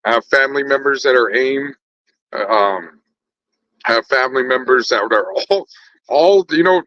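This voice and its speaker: A man's voice: medium pitch, moderate pace, no room sound, lo-fi sound. A man talking in a casual conversation, laid-back and slangy, swearing freely.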